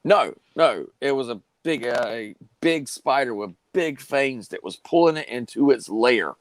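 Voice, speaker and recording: A man's voice: medium pitch, expressive, a little slow, dry recording, poor audio. A man, telling a long story casually on a live stream with plenty of fillers and restarts. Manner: drawling, rambling with many fillers and restarts.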